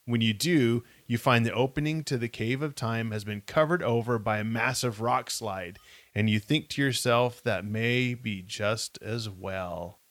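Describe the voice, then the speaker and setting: A man reads a choose-your-path story aloud on a casual live stream, pausing to ask viewers what to do. His voice sits at an ordinary pitch. The sound is dry and close. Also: a bit bright, no room sound. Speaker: co-host reading aloud.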